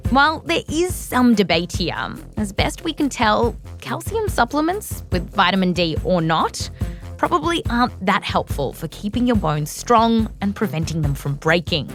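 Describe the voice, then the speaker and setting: An Australian woman hosts a science podcast, narrating from a script and interviewing guests in a playful, jokey way. Her medium-pitched voice is sing-song at a normal speed, over soft background music.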